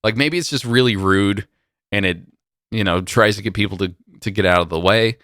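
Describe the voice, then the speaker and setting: A man's voice: on the low side, normal speed, fairly bright tone, dry recording, clean studio sound. A young man co-hosting a casual morning talk show, musing aloud with hesitant, wondering remarks. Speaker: co-host. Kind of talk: casual chat.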